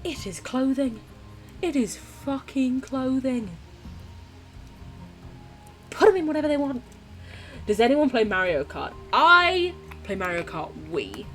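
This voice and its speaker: A woman's voice: high voice, sing-song, takes it slowly, pauses often, fairly bright tone, faint music behind. A young British woman streaming a game, chatting casually with her viewers while playing. She swears freely and laughs often. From United Kingdom. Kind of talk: casual chat while gaming and reading chat.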